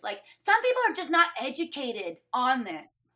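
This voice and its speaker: A woman's voice: sits high, huge pitch swings, fairly quick, hardly any pauses, sharp tone. A Canadian woman hosting a casual online sales training over webcam, chatty and upbeat, reading names from the chat as she talks.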